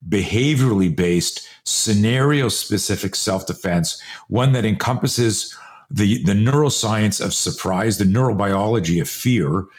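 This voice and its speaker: A man's voice: on the low side, a little slow. A man in his sixties who grew up in Canada, a guest on a podcast interview, telling stories emphatically and acting out scenes with quoted voices. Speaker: guest, self-defense instructor. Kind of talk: animated storytelling in a podcast interview.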